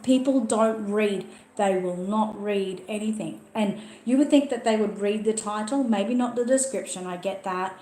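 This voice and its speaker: A woman's voice: mid-range voice, normal speed, few pauses, dark tone, a little hiss or hum. Chatty Australian woman in an echoey room. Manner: chatty, emphatic, repeats words for stress. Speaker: channel host answering viewer questions. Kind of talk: casual livestream Q&A chat.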